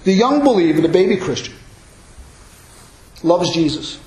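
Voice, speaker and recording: A male pastor preaching a sermon, emphatic and building to loud exclamations. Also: high-pitched, expressive, moderate pace, echoey room, poor audio.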